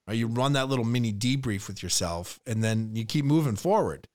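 A man's voice: mid-range voice, a little fast, few pauses. A man hosting a podcast, talking casually with upbeat, motivational energy and many encouraging replies. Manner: energetic motivational talk, gives encouraging feedback. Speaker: podcast host.

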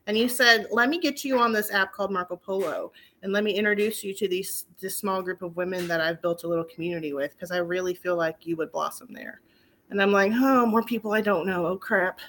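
A woman's voice: medium pitch, fairly quick, slight background noise. A middle-aged woman, telling stories in casual chat, acting out her own quotes. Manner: animated storyteller, acts out quotes, laughs often.

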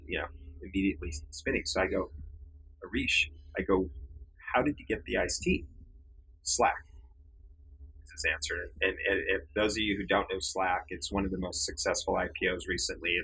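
A man's voice: low-pitched, bright, forceful tone, slightly rough, rough recording. A man, a storage business founder and interview guest, telling stories casually and often repeating words as he starts sentences.

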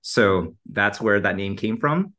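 Speaking slowly with a fairly low, expressive voice that's bright and forceful, this marketing entrepreneur chats as a podcast guest. The interview is casual and conversational, and he's upbeat, peppering his speech with "like" and "you know."

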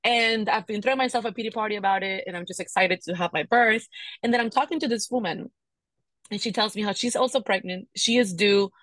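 A woman's voice: mid-range voice, fairly quick, fairly bright tone, no echo. Tired pregnant woman venting candidly. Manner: emotional, venting, frequent "right?" asides. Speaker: podcast co-host. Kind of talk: candid casual chat.

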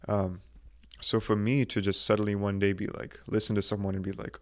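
A young man hosting his own podcast, talking earnestly and haltingly in a motivational monologue, with many restarts and filler words. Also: fairly low pitch, flat delivery. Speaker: podcast host.

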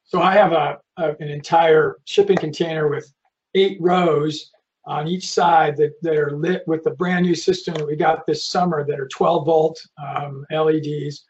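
A man's voice: fairly high pitch, steady tone, a little slow, dull audio, a little hiss or hum. A man hosting a live online session, reading out audience questions with friendly, rambling asides.

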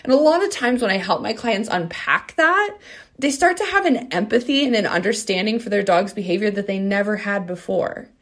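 An earnest woman in her thirties talks straight to her listeners in a solo podcast. Her voice sits at an ordinary middle pitch. She keeps checking in with the audience as she explains her ideas. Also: expressive, brisk. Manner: earnest, conversational, asks listeners "right?" and "okay?". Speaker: podcast host and dog trainer.

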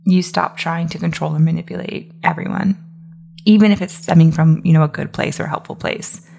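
Woman podcast host, business coach, low voice with heavy vocal fry, casual and emphatic. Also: steady tone, fairly quick, darkish tone. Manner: casual, emphatic, many fillers like "like" and "right?". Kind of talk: solo podcast monologue.

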